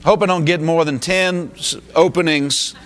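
A man's voice: on the high side, fairly even intonation, moderate pace, a bit bright. A man from the United States preaching a sermon as pastor, emphatic, with rising exclamations.

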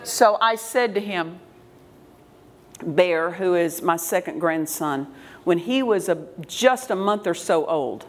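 A woman's voice: on the low side, expressive, slow. An older woman pastor preaching a sermon with emphatic repetition, laughing as she tells stories. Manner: emphatic, repeats key words, laughs while telling stories. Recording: congregation responding in the room. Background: congregation calling out amens.

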